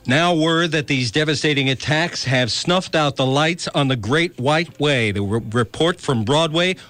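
A man's voice: a little high, measured pace, fairly bright tone. A man anchoring live radio news in a conversational way with occasional fillers.

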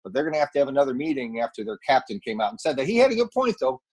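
A man's voice: medium pitch, very animated, rapid-fire, breathy edge. Male golf pro thinking aloud on radio. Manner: thinks aloud with restarts, weighs both sides. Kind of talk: sports radio talk.

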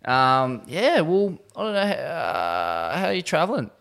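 A man's voice: fairly high pitch, very animated, unhurried, creaky, fairly bright tone. A man with an Australian accent hosting a podcast, easygoing and reflective, with casual swearing. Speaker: podcast host. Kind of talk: casual interview.

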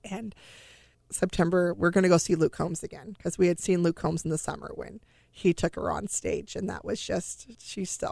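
A middle-aged woman with a lowish, gravelly voice, telling her own story in an interview. She delivers it earnestly and with feeling, and voices the people in it as she goes. The recording is dry and close. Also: darkish tone, no room sound. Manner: earnest, emotional retelling with quoted dialogue. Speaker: interview guest. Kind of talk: personal storytelling.

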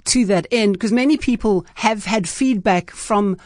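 Host: woman, conversational, halting restarts, dry close sound, mid pitch. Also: darkish tone, no room sound. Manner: hesitant, many restarts and fillers, affirming. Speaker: interviewer, host. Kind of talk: conversational interview.

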